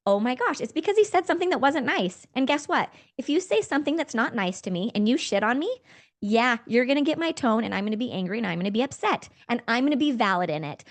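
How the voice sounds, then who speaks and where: A woman in her forties, hosting a podcast, telling a personal story in a candid, conversational way. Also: on the high side. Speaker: podcast host.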